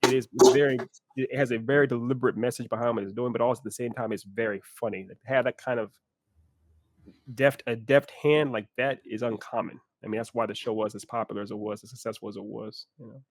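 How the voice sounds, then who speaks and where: A man's voice: medium pitch, quick pace, dry recording. Dry-sounding enthusiastic podcast man. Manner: enthusiastic, animated with restarts. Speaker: podcast co-host. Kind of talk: casual discussion.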